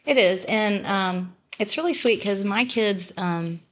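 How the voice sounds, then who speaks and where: A woman's voice: medium pitch, unhurried, a little hiss or hum. A middle-aged woman, a gospel singer guesting on a podcast, telling a personal story in an earnest, rambling way with many restarts. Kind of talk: casual storytelling in conversation.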